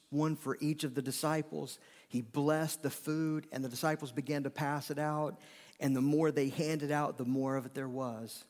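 A man's voice: fairly high pitch, a little mellow. A middle-aged man preaching a sermon, conversational, with emphatic repetitions and sudden rises in energy. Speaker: pastor. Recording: long reverb of a large hall.

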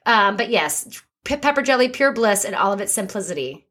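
A woman's voice: mid-range voice, very animated, brisk, fairly bright tone. A woman co-hosting a podcast, chatty, reading list items out with a playful flourish. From American South. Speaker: podcast co-host. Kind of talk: casual chat, reading out a list.

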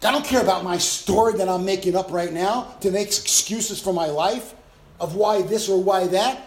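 High-voiced emphatic male preacher, echoey room. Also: normal speed. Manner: emphatic preaching, sudden loud bursts and acted-out sounds. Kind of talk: sermon.

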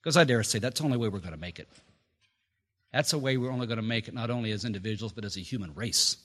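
A man preaching a sermon to his meeting, telling a story that swells to loud peaks and drops to quiet, low endings. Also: fast talker. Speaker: pastor. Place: meeting house. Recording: long reverb of a hall.

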